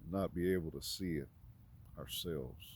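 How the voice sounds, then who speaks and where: A man giving an informal, conversational sermon, halting often with fillers and restarts. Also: sits low, husky. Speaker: preacher.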